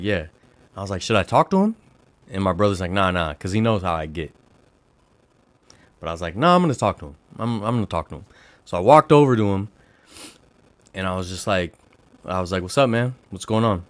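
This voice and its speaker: A livestream host with a voice on the low side tells a story casually to his live chat, acting out the exchanges he quotes. There's no room sound.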